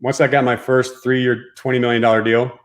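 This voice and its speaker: A man's voice: medium pitch, level tone, brisk. A man from the Dallas-Fort Worth area of Texas, a former pro baseball player, telling a personal story as a guest in a casual, profane, emphatic way.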